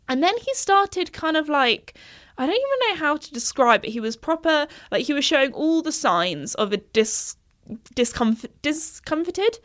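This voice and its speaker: A woman's voice: high-pitched, very animated, normal speed, fairly bright tone. A young woman hosting a podcast, chatting casually in a rambling way and laughing often. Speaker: podcast host. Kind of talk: casual chat.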